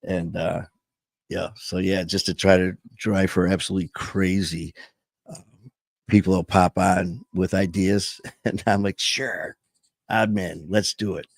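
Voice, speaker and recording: A man's voice: deep voice, little pitch movement, unhurried, creaky, dry recording. A man hosting a live show on sobriety and faith, chatting candidly in a rambling way with many self-interruptions. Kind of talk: casual live-stream chat.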